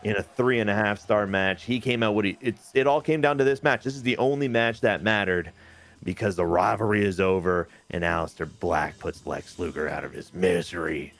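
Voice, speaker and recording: A man recapping a wrestling game like a hyped-up commentator, fast and playful, spinning each match into a story. His voice sits a bit low. Soft music plays underneath. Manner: animated, jokey storytelling with quick asides.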